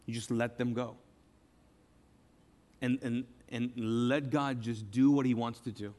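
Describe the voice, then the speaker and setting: A man preaching a sermon with passion, repeating phrases and swinging between loud outbursts and hushed, quiet lines. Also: mid-range voice, little pitch movement, measured pace. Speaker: pastor.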